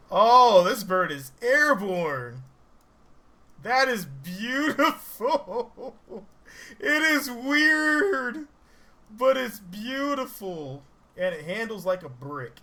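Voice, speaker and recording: A man giving casual, rambling game commentary, excitable and laughing often as he plays. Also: high-pitched, very slow. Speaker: gaming channel host. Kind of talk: casual let's-play commentary.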